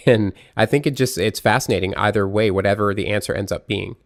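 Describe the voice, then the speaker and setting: A man hosting a podcast interview, asking questions in a friendly, relaxed way. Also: on the low side, brisk, dry recording, clean studio sound. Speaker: podcast host. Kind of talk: casual interview chat.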